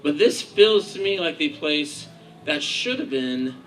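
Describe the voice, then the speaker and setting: A man doing stand-up in a club, his voice riding high and swinging all over the place as he rambles through a profane, sarcastic set. The live recording carries a clear layer of noise under him, and he speaks into a handheld stage mic. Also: animated, unhurried, a bit bright, rough recording. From Kansas. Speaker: stand-up comedian. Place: comedy club stage with a laughing audience.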